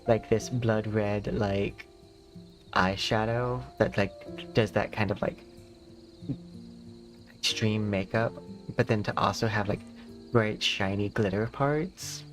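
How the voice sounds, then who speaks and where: A man's voice: on the low side, fairly even intonation, slow pace, long pauses, over music. A man with a lisp, talking in rambling, casual stream chat full of fillers as the host. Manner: rambling, filler-heavy, chatty.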